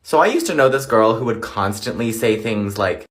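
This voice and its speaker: Sassy deadpan storytime voice, mid pitch, music playing under it. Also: fast, few pauses. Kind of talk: casual storytime.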